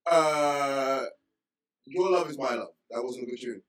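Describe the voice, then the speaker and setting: A man's voice: mid-range voice, a little slow, fairly bright tone. A man co-hosting a casual group podcast, playful and ribbing his friends. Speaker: podcast co-host. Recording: roomy, mic at a distance.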